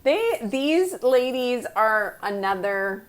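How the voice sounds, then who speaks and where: A woman's voice: fairly high pitch, big pitch swings, slow pace. A woman co-hosting a casual chat podcast, enthusiastic and fond of acting out what people said. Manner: enthusiastic, acts out quotes. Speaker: podcast co-host.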